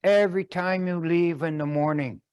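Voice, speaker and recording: A man's voice: on the high side, fairly even intonation, normal speed, darkish tone, clean tone, no echo, pitched above the performer's own voice, lightly acted. A man voicing a worried young boy in a spoken story, pleading and earnest.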